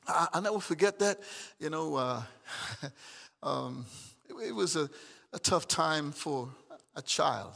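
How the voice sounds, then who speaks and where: A middle-aged pastor preaching a sermon, swinging from shouted emphatic calls to soft, chuckling storytelling. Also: male voice, on the high side, lively intonation, slow, creaky, long pauses, long reverb tail.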